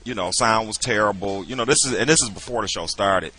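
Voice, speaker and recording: A middle-aged man talks as a podcast guest, a musician recounting his gigs. His voice sits slightly low, yet the tone is bright and forward. He tells his stories loosely and fills them with "you know.". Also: fast. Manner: relaxed storyteller, many "you know" fillers. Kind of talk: casual interview chat.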